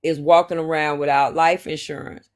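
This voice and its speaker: A man, telling a personal story in casual, slangy, animated chat. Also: fairly high pitch, moderate pace, clear, resonant tone. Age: 40s.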